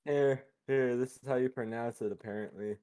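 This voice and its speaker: A young man playing a game with a friend, teasing him, laughing and pondering out loud. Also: medium pitch, steady tone, a little fast, clear, resonant tone. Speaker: gamer's friend making choices. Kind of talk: casual let's-play chat.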